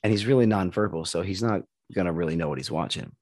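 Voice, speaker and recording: A man's voice: sits low, fast, no room sound. A middle-aged man from the United States, telling stories in a casual chat, loose and profane. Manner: profane, animated storytelling.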